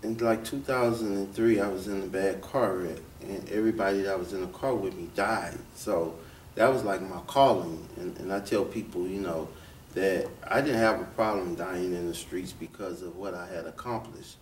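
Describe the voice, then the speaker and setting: A man's voice: low-pitched, normal speed. A man answering interview questions in an earnest, reflective way. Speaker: interviewee, former gang leader. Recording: echoey room, distant mic, faint noise.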